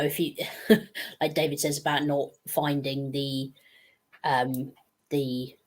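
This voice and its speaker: A chatty woman with a low voice talks as a panel guest. She meanders through her points and pokes fun at herself. It is a relaxed, conversational delivery. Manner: chatty and meandering, self-deprecating. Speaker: guest speaker. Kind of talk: casual panel discussion.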